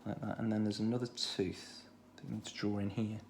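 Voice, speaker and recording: Low gravelly man with a Stoke accent. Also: a little fast, a little hiss or hum. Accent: Stoke-on-Trent English. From England. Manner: relaxed, thinking aloud while drawing. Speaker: art tutor. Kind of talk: drawing tutorial for children.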